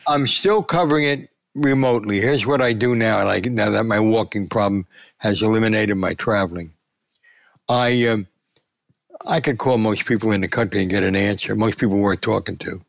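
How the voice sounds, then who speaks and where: Gravelly older man telling stories. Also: on the low side, normal speed, no echo. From United States. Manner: animated anecdote telling, voice rising for punchlines. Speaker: veteran sports columnist, guest. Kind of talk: storytelling interview.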